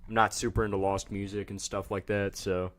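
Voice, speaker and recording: A man's voice: lowish voice, level tone, brisk. A man hosting a livestream, chatting casually and joking as he rambles and talks to his chat. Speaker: livestream host.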